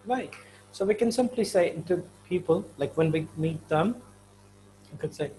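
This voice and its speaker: A man teaching slang in a casual online lesson, chatty, often checking in with "right?" and slowing down to repeat examples. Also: sits high, mellow, a little hiss or hum, rough recording. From India. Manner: chatty, repeats examples slowly, frequent "right?" and "you know". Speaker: English teacher.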